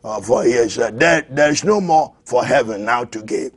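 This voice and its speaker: A man preaching a fiery sermon as an apostle, who shouts, repeats his lines and laughs between them. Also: mid-range voice, moderate pace, breathy edge.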